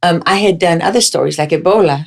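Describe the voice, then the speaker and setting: Woman journalist on a talk show, deep voice with some fry, lively storytelling. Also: quick pace. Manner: animated, vivid storyteller with restarts. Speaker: investigative journalist, guest. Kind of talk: casual interview storytelling.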